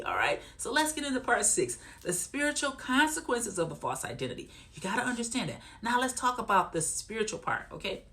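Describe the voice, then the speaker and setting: Casting note: woman therapist, high voice with lively swings, repetitive teaching delivery that keeps checking in. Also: fairly quick. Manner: animated, repeats points, keeps checking in with listeners. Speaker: trauma therapist and coach. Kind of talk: teaching talk to camera.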